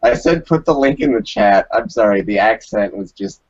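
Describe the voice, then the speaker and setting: A man's voice: lowish voice, expressive, normal speed, lo-fi sound, a crowd in the background. A man chatting casually in a group video call, offhand and teasing. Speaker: hangout participant.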